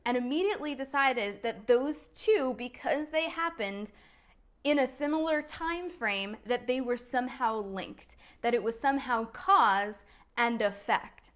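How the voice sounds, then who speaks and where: A woman's voice: on the high side, expressive, measured pace, fairly bright tone. A woman, a coach talking casually on a live video, chatty and laughing at herself. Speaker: business strategy and NLP coach, host.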